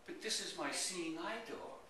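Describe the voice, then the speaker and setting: A man's voice: high-pitched, moderate pace, pushed and bright, pitched above the performer's own voice. A man voicing a scheming dog owner who pleads with a bartender in a coaxing, insistent way. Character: scheming man with a talking Chihuahua. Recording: echoey room from far off, noisy.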